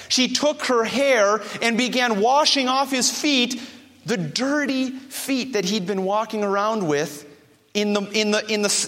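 A man's voice: sits high, fairly bright tone. A male preacher delivering a sermon with emphatic repetition and rhetorical questions. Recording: long hall reverb.

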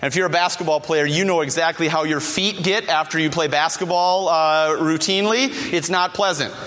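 A man's voice: a little high, steady tone, fairly quick, a bit bright. A middle-aged man preaching a sermon as pastor, emphatic, repeating his key phrases, recorded in a church. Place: church sanctuary. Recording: long reverb of a large hall.

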